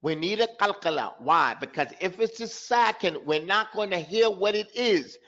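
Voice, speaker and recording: A man teaching a live online pronunciation lesson, repeating example words and asking his students quick questions. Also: sits high, lively intonation, pushed and bright, muffled recording. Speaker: tajweed teacher.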